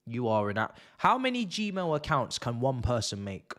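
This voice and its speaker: A man's voice: medium pitch, huge pitch swings, normal speed. Sarcastic young man streaming. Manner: sarcastic, swings between mumbling asides and loud rants. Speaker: football watch-along host. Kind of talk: live-stream watch-along chat.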